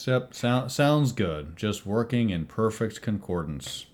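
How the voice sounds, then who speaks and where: A man with a fairly low voice runs a tabletop game, narrating scenes and speaking for characters. His delivery is dry and sardonic. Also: lively intonation, slow pace, darkish tone. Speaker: game master.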